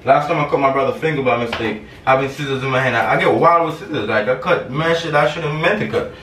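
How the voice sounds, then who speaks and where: A man's voice: mid-range voice, quick pace, fairly bright tone, recorded from a distance. A young man filming a prank at home, repeating apologies and swearing often. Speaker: prankster, channel co-host. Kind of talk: prank video, casual chat. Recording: roomy, off-mic home camera with faint noise.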